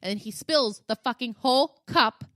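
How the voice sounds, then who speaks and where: A woman's voice: a little high, moderate pace, fairly bright tone, dry recording, studio quality. A woman in her thirties telling a story to her podcast co-host, swearing a lot and acting out her son's whining. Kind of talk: casual chat.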